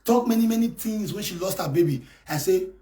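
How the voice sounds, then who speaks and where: Ranting Nigerian man, high and wildly swinging. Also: expressive, brisk. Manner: shouting, scolding and taunting in Pidgin-laced English. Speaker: live video host. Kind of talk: angry ranting live stream. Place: abroad in France.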